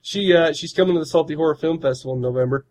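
Guy cohosting a horror podcast, kinda high voice, rambly and laughs a lot. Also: very fast, a little mellow, rough recording. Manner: rambling storyteller, laughs often. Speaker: podcast co-host. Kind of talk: casual chat.

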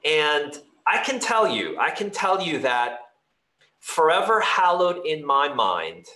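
A man's voice: mid-range voice, pushed and bright. A man preaching a sermon as a pastor, talking in an earnest, conversational way with loose fillers and restarts, in a church hall. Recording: echoey room.

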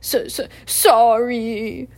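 A woman reading aloud, voicing a tearful, gentle giant man who sobs and halts as he speaks. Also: a little high. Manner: sobbing, halting, loud. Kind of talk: audiobook reading.

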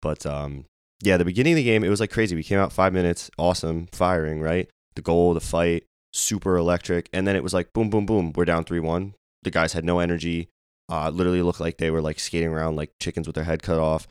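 Young male podcast co-host: hoarse, very low voice, rattles along fast with fillers. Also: no echo, clean studio sound. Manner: rambling, excitable, lots of fillers. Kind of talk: casual sports podcast chat.

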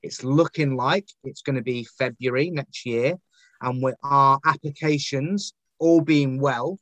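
A Northern English man chatting as a podcast guest, rambling along with plenty of ums and self-deprecating asides. His voice sits at an ordinary middle pitch. The recording is close and dry, with no room sound. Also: fairly even intonation, a little slow, a bit bright, no echo. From Northern England. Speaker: guest, actor and poet. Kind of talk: casual podcast interview.

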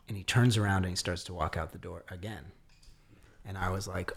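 Man telling a lively story. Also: on the low side, fairly quick. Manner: animated, acts out quoted dialogue; frequent fillers and restarts. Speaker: podcast guest. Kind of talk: casual storytelling.

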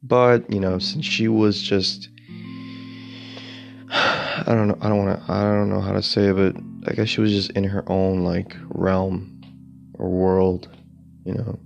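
A man's voice: deep voice, level tone, slow pace, vocal fry, long pauses, dull audio, faint music behind. A young man telling a personal story in a rambling, casual way, full of "like" and "dude" and the odd swear word. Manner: rambling, filler-heavy, swearing, says "dude" and "like".

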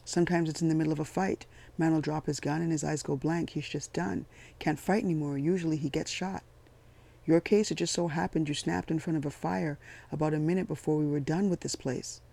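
A blunt, weary army captain speaks in a quiet, matter-of-fact way, as a man reads his part. The voice stays level and gravelly, with a somewhat raised pitch. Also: fairly even intonation, fairly quick. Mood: steady.

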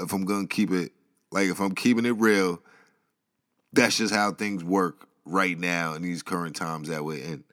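Lowish voiced guy rambling through a story, lots of slang and side comments. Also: a bit bright. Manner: slangy, rambling, laughs at his own asides. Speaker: commentary vlogger.

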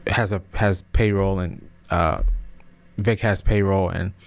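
Podcast host, man, 30s, low-pitched, casual slangy motivational talk that swells into emphatic, preachy peaks. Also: steady tone, slow pace. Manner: casual slang, many restarts.

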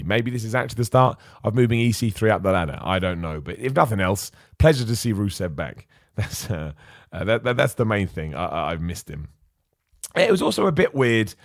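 Reading viewers' super chats aloud, a male podcast host gives casual, opinionated wrestling talk and frequently trips over his words. His pitch is fairly low, and the studio-quality recording has no room sound.

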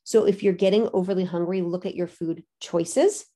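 A woman coach in her forties talks through her advice in an earnest, lively way, and she keeps asking her listeners rhetorical questions. Her voice sits a little low for a woman. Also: normal speed. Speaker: fitness coach. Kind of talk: podcast-style coaching talk.

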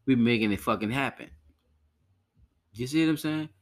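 A man's voice: mid-range voice, moderate pace. A man hosting a podcast in loose, profane casual chat, often repeating himself to listeners. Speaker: podcast host.

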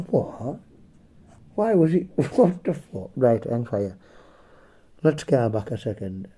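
Hoarse, foul-mouthed rambling male storyteller. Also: medium pitch, big pitch swings, slow, dark tone. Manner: foul-mouthed, rambling, chuckling, tags lines with "eh?". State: a bit hoarse. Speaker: comedic storyteller. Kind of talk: profane comedic storytelling chat.

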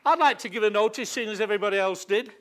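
A man's voice: high-pitched, very fast, fairly bright tone, some chatter behind. A man with a Northern English accent preaching a sermon in a church hall, emphatic and calling for amens. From England. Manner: emphatic, call-and-response.

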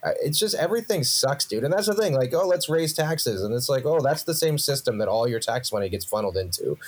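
A young man ranting his way through a story on a comedy podcast, all swearing and exasperation. His voice sits at an ordinary middle pitch and climbs when he gets worked up. The talk is loose and casual. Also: lively intonation, fast. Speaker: podcast co-host.

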